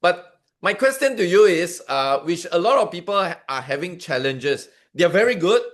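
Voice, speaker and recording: A man's voice: high voice, lively intonation, moderate pace, fairly bright tone. A man hosting an interview, asking long questions and backing the guest with short affirmations. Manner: frequent short affirmations, encouraging. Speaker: interview host.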